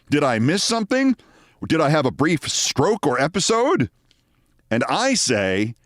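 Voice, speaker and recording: A male host tells a personal story, his pitch swinging widely as he acts out the voices of the people in it. The sound is dry and close. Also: no room sound. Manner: lively anecdote-telling, acting out quoted people. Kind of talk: storytelling monologue.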